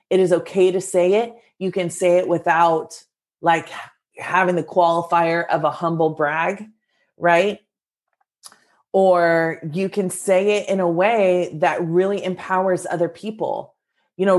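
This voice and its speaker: A woman with a lowish voice speaks straight to her listeners in a motivational talk. She sounds casual and earnest, with filler words here and there, and keeps an encouraging, coaching tone throughout.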